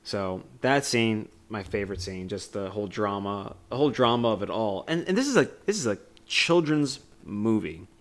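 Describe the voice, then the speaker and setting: A man's voice: on the low side, lively intonation, normal speed, hardly any pauses. A man co-hosting a podcast, casually retelling a film scene with lots of "like" and "you know". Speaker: podcast co-host. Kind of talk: casual movie discussion.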